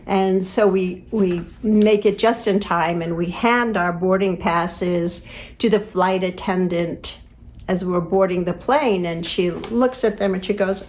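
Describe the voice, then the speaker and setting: Slow-talking woman telling a story. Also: medium pitch. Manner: animated, laughing, acts out quotes. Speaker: co-host of a live stream. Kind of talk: casual storytelling.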